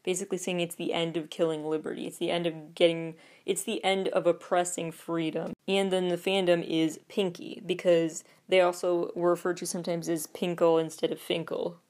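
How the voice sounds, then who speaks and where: Woman host, low-pitched, chatty and opinionated, casual commentary read. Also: level tone, normal speed, few pauses, darkish tone. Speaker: podcast host.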